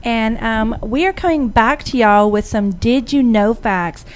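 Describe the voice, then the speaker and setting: A woman's voice: fairly high pitch, measured pace. A woman, hosting a casual radio talk show and telling stories with acted-out quotes. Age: 40s. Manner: animated storyteller who acts out quoted voices. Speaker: radio host.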